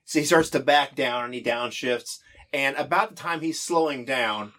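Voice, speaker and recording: A man acts as game master for a tabletop role-playing game, narrating haltingly and with laughter while briefly acting out side characters such as soldiers' lines. His voice is mid-range and a bit bright.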